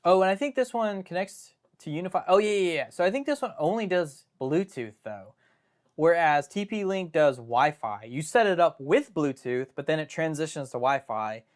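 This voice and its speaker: A man's voice: fairly high pitch, animated, moderate pace. A young man hosting a live stream, chatting casually and rambling through joking asides and self-interruptions.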